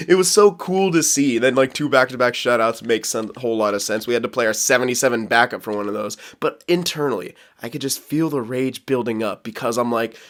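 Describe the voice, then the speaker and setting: A man's voice: medium pitch, a bit bright. A man casually commenting as he plays a hockey franchise mode, rambling and laughing, talking straight to his viewers. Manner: rambling, self-aware, quick to laugh; talks to viewers while managing a hockey franchise. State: hiccups. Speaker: gaming YouTuber.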